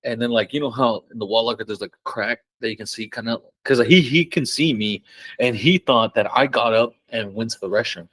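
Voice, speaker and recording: A man's voice: mid-range voice, a little fast, dry recording, poor audio. Young man telling stories, casual. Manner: excited, swearing, laughs often, acts out quotes loudly. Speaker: podcast guest. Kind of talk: casual storytelling.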